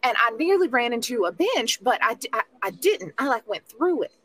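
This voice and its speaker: A woman's voice: fairly high pitch, sing-song, a little fast, fairly bright tone. A woman playing a tabletop game, talking in a hesitant, rambling way. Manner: hesitant, rambling, laughs easily. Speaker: player. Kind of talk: tabletop role-play.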